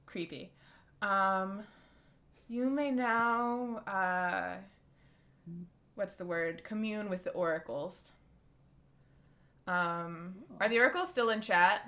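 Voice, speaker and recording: Bright-voiced woman dungeon master. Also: fairly low pitch, takes it slowly, long pauses. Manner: descriptive, rambling, lots of likes and ums. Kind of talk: narrating a tabletop game.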